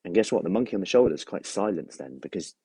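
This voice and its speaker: A personal trainer talks his viewers through a coaching session in a relaxed, chatty live stream, stopping to greet people by name. His voice sits very low, with a mellow, slightly husky tone. The sound is close and dry. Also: fast talker, dry recording.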